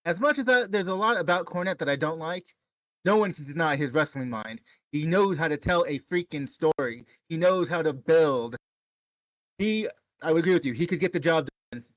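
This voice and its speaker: A man co-hosting a wrestling podcast, chatting casually, reacting quickly and laughing easily. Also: a little high, no echo. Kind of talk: casual opinionated chat.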